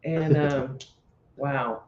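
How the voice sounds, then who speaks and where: A man's voice: mid-range voice, fairly even intonation, very slow. A man co-hosting a livestream in easygoing, laugh-filled chat. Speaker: livestream co-host. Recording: roomy, dull home audio with faint noise.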